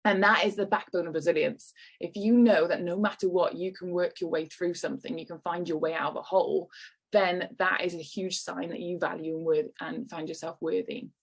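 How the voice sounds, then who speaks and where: A woman's voice: on the low side, fairly even intonation, a little fast. A woman giving an encouraging online workshop talk to business owners over a video call. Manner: encouraging, lightly acts out quoted voices.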